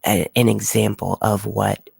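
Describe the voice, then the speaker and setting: A man's voice: on the low side, flat delivery, a little slow, gravelly, darkish tone, breathy edge, no echo. A man hosting a weather livestream, explaining at length and rambling with fillers and restarts, close to his microphone.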